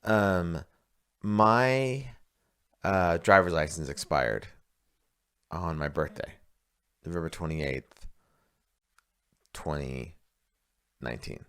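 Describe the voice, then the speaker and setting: Deep-voiced man in rambling podcast chat. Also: takes it slowly, long pauses, a bit bright, clear, resonant tone. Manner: rambling, storytelling, many fillers and restarts. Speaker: podcast co-host.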